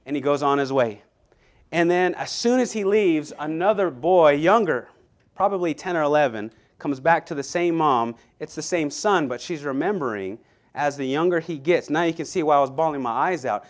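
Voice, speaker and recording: A man preaching a Sunday sermon in an earnest, conversational way, with frequent restarts and slow, deliberate scripture reading. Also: on the high side. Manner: reads scripture aloud slowly and deliberately.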